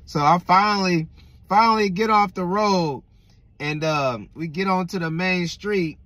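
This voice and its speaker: Young man, lively storytelling with cussing, dry close sound. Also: high-pitched, measured pace, no echo. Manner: animated, swears a lot, keeps asking "right?". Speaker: vlogger. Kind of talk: casual storytelling.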